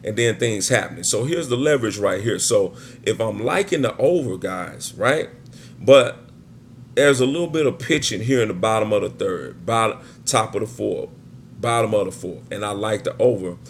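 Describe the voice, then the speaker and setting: Male betting instructor, gravelly and fairly low, chatty walkthrough tone that keeps checking in. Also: a little hiss or hum. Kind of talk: casual screen-share walkthrough.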